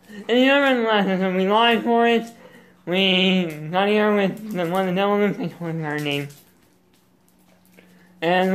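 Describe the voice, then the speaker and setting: Goofy and rambling, a man hosts let's-play commentary on his gaming channel, interrupting himself mid-thought. His voice is high-pitched and smooth.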